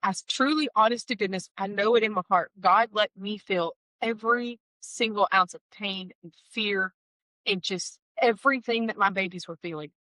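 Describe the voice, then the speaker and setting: A woman tells her life story in an interview, candid and heartfelt, slipping in wry asides. Her voice is bright and clear. The recording is close and dry, with no room sound. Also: mid-range voice, moderate pace, no echo, low-quality recording. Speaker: guest sharing a personal testimony. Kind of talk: emotional personal storytelling.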